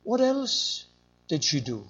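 An older man preaching a sermon, his voice sitting a little high for a man. He drives his points home with emphatic swings up and down. The recording sounds dull and lo-fi. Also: wildly swooping pitch, slow, fairly bright tone. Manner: emphatic, rising and falling.

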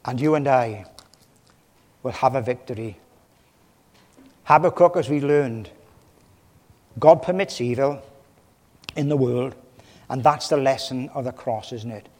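Guy preaching a fiery sermon, goes loud then quiet, long hall echo. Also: medium pitch, measured pace, pauses often. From Wales. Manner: impassioned, swelling and dropping in volume. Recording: long reverb of a large hall.

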